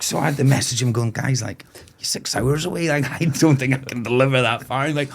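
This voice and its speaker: A man of about forty from Moray, in Scotland, guesting on a podcast as a festival owner. He tells long, rambling stories, swears freely and breaks into quick laughs. His voice sits at an ordinary middle pitch for a man. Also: lively intonation, creaky, breathy edge. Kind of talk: casual podcast chat.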